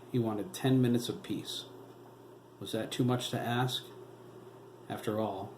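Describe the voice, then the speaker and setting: A man, the author, reading his novel aloud as steady audiobook narration. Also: mid-range voice. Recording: roomy echo, faint noise.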